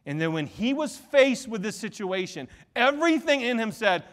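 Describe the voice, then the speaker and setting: A male pastor giving a sermon in a church, telling stories with lively swings between soft and loud. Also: sits high, long reverb tail. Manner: animated storytelling, quick shifts between soft and loud. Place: church sanctuary.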